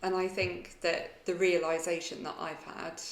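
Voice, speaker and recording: A woman co-hosting a casual podcast chat, thoughtful and earnest, pausing with fillers as she works through her ideas. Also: lowish voice, level tone, creaky. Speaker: podcast co-host. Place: kitchen table at home. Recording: echoey kitchen room.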